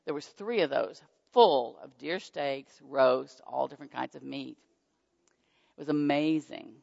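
A woman telling a personal faith testimony in an animated storytelling manner. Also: extremely low pitch, unhurried, vocal fry. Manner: animated storytelling, squealing excited quotes. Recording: dull muffled sound with long hall reverb.

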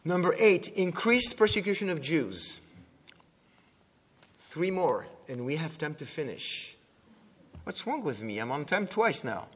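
Guy preaching to a crowd, chatty, restarts a lot, voice a bit higher, long hall echo, muffled lo-fi sound. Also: a little slow, pauses often. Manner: conversational, self-correcting, animated retelling. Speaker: speaker at a church teaching. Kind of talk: sermon-style teaching talk. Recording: dull lo-fi recording in a reverberant hall.

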